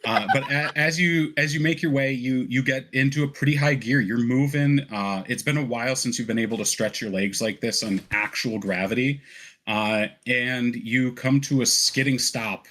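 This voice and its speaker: An easygoing man running a tabletop game, narrating the scene with plenty of ums and uhs. His voice is a middle-pitched everyday tone with a steady, low-key delivery. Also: moderate pace. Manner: easygoing, hesitant with fillers. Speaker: game master.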